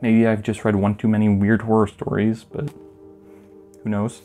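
A man's voice: lowish voice, completely flat delivery, moderate pace, mellow, soft background music. A man recapping a manga in a casual, joking way, full of rambling asides. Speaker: video essayist reviewing a manga.

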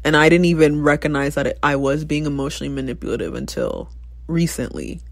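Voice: mid-range voice, lively intonation, fast, creaky, no room sound. Candid podcaster in their twenties, dry sound. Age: 20s. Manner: reflective, reenacts past conversations with sudden exclamations. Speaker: podcast host. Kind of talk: candid personal monologue.

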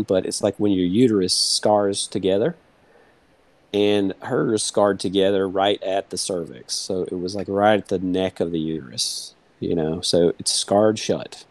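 A man in his thirties speaks in a low, mellow voice, dry and close to the mic. He rambles through a personal story in casual interview talk, leaning on "like" and "you know". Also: no echo. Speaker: guest.

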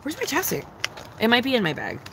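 A woman's voice: on the high side, huge pitch swings, fast talker, gravelly, noisy background. A young woman chatting casually on a livestream, answering her chat in a blunt, profane, giggly way.

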